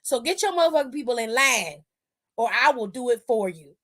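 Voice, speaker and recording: A woman's voice: a little high, lively intonation, brisk, fairly bright tone. A woman voicing a stern man who warns a rival to get his crew in line, emphatic and threatening.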